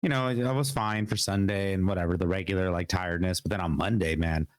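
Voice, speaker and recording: Young male podcast host, low pitch, under the weather with a cough, loose rambling chat. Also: fairly even intonation, quick pace, no room sound. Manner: rambling, repeats words, laughs often. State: sick with a cough. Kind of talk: casual gaming podcast chat. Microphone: podcast mic.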